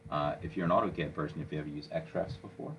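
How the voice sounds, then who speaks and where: A man walking a listener through software step by step, coaching and checking in with "okay?" as he goes. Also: rumbling low, very fast, muffled recording, slight background noise. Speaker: software instructor. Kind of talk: screen-recorded software tutorial.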